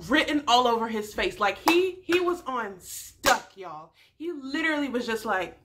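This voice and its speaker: A woman giving a casual, animated TV recap as a vlogger, slangy and quick to laugh. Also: fairly high pitch.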